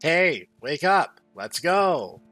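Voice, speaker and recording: A man's voice: fairly high pitch, big pitch swings, extremely slow, bright, forceful tone, soft background music, pitched above the performer's own voice, full character voice. A man doing a pushy, teasing cat girl.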